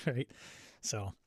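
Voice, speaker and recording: A man's voice: dark tone, no room sound, clean studio sound. Joking Midwestern man hosting a stream. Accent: Midwestern American. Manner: joking, rambling, talks back to chat. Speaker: host. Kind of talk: casual livestream chat.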